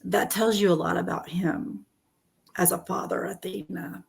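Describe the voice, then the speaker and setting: A woman's voice: lowish voice, fairly even intonation, unhurried, vocal fry, slightly rough. A woman hosting an interview, earnest and openly moved, talking over a video call. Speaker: host. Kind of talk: emotional interview conversation.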